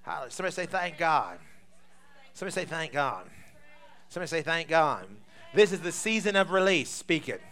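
Exuberant, bright-voiced preacher man. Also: fairly high pitch, very animated, a little fast. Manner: exuberant call-and-response, breaks into laughter and tongues. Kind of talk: sermon.

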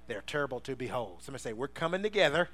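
Very animated, a male pastor preaches while leading the congregation in call-and-response with nonstop "somebody say" prompts. He jokes and laughs quickly, alternating between loud shouting and low, intense passages.

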